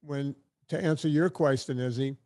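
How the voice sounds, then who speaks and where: A man's voice: mid-range voice, moderate pace, warm tone. A man talking as a filmmaker and podcaster guest, telling stories in a chatty, blunt way with casual swearing. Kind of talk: casual storytelling interview.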